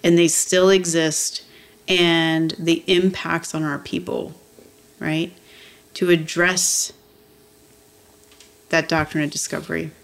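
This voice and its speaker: Low gravelly-voiced woman recounting earnestly. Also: little pitch movement, takes it slowly, pauses often. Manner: earnest, frequent "you know" and "like" fillers. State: moved, near tears. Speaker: activist guest. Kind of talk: heartfelt storytelling in conversation.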